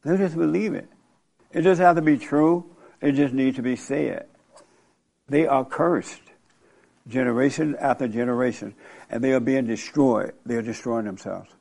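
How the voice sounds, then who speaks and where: A man's voice: mid-range voice, moderate pace, vocal fry, pauses often, a little mellow. An older man hosting a talk show, talking bluntly in a rambling storytelling way and often breaking into laughter. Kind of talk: casual opinionated talk.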